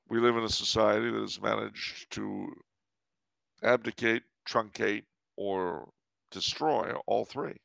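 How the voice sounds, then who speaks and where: Gravelly-voiced man hosting a talk show. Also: on the low side, fairly bright tone, dry recording, muffled recording. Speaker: podcast host. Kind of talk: storytelling commentary.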